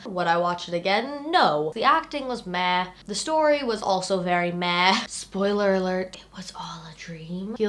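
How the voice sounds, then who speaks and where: Chatty, animated young-sounding woman reviewer. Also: mid-range voice. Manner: chatty, animated, many "like" fillers, giggly asides. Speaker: movie reviewer and host. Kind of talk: casual video review.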